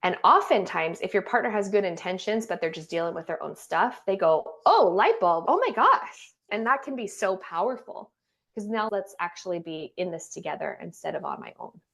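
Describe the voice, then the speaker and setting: Earnest, expressive woman therapist. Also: on the low side, fairly quick, vocal fry. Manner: earnest and expressive, acting out quoted voices. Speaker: guest, trauma therapist and doula. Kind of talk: casual podcast interview.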